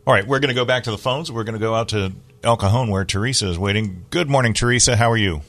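A man hosting a call-in garden radio show, giving relaxed, practical advice to callers. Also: on the low side, fast, no echo. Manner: relaxed, informative, takes calls.

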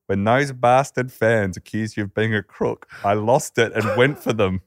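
A man retelling a scheming footballer's earnest plea to the club boss in his own low voice. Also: moderate pace, no echo, clean studio sound, lightly acted. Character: scheming smooth-talking male footballer pleading.

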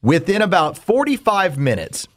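A man hosting a comedy podcast, reading sponsor spots and recounting events step by step in a steady, methodical way. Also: high-pitched, moderate pace. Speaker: podcast host and radio host. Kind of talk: casual comedic podcast talk.

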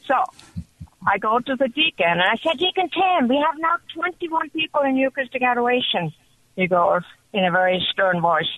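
A woman calling in to a radio show, telling her story with excited, animated energy over the telephone. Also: medium pitch, normal speed, no echo. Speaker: caller. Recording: dull phone line.

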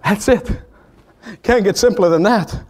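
In a darkish tone, a male preacher moves from high exclamations down to low, slow, solemn passages. His sermon has an emphatic, repetitive rhythm.

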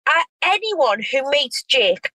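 A woman's voice: high voice, sing-song, slow pace, pushed and bright, no room sound, poor audio. A woman, talking in a gushing, effusive way full of restarts. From North East England. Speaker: reality TV star guest. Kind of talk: casual chat.

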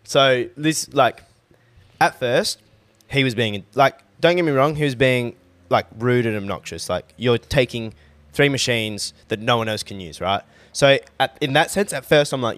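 Excitable young man, sweary. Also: mid-range voice, no room sound. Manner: excitable, swears freely, quick interjections. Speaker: podcast co-host. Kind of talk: casual chat.

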